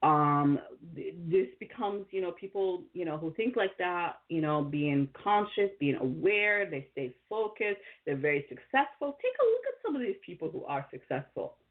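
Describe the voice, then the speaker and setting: A woman with a slightly low voice hosts a motivational talk, rambling and circling back with lots of fillers and restarts. The sound is thin and tinny, as if it came through a phone line. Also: big pitch swings, normal speed. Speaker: podcast host and coach.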